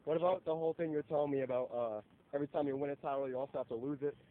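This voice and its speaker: Higher-voiced man asking questions, lo-fi. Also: steady tone, very fast. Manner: laughing, prompting questions, often trailing off quietly. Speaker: interviewer. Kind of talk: casual chat. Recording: phone-like audio, speaker off mic.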